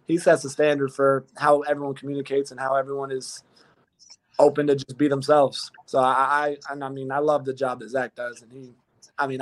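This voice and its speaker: A man being interviewed as a football player guest, talking modestly with many restarts. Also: mid-range voice. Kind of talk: casual interview chat.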